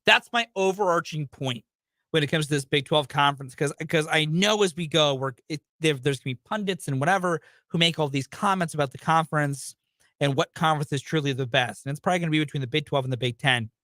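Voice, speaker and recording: A man's voice: on the high side, fast, fairly bright tone, dry recording, clean studio sound. A young man hosting a sports talk radio show, ranting emphatically about college basketball.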